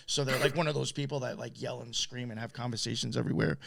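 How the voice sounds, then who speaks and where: A man with a New York accent co-hosting a podcast, telling a story in a loose, animated way, swearing and laughing often. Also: medium pitch, quick pace, vocal fry, hardly any pauses, no echo. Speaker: podcast co-host. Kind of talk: casual storytelling chat.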